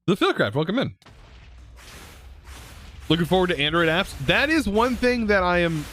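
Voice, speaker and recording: A young man live streaming, chatting casually with viewers in a relaxed, rambling way full of fillers and restarts. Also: sits high, moderate pace, pauses often, slight background noise. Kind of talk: casual chat reading viewer comments.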